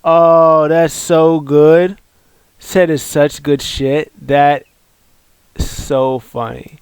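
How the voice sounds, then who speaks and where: Casual recap host: a man, rambling and excitable, in a dry, close recording. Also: on the high side, very slow, smooth, no echo. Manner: excitable, rambling with many fillers and restarts. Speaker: wrestling show recap host. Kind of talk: casual video commentary.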